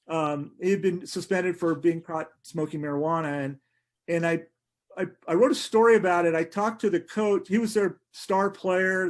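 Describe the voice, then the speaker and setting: With a voice that's a little high, a middle-aged sports writer recounts animated anecdotes in a podcast interview. He laughs frequently and restarts sentences.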